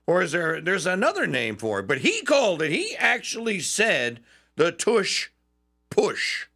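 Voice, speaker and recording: A male talk radio host chatting casually and acting out quotes with animated delivery. His voice sits high and bright, with a gravelly edge. He laughs often as he talks. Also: measured pace.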